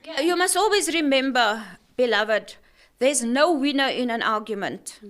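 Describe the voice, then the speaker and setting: A woman's voice: high voice, lively intonation, moderate pace, a bit bright. A woman in casual faith-based chat, earnest and preaching, often repeating her words.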